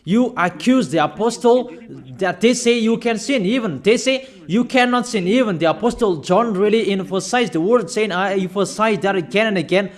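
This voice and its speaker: A man preaching a sermon, admonishing his listeners emphatically with slow, deliberate phrasing, pauses and rhetorical questions. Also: high voice.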